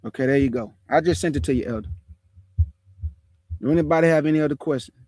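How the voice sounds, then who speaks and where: A man hosting an online show, chatting casually about scripture in relaxed slang and calling his viewers family. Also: a little high, fast, no echo. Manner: laughs often while telling stories. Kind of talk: casual livestream chat on scripture.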